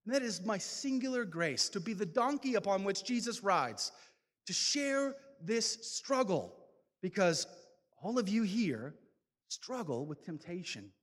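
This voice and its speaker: A man delivers a fervent testimony, preacher-style, rising to loud calls. His voice sits high and swings widely, and his slow, deliberate delivery carries a long reverb from the large hall. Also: sing-song. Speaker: speaker giving a testimony talk. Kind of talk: impassioned testimony talk.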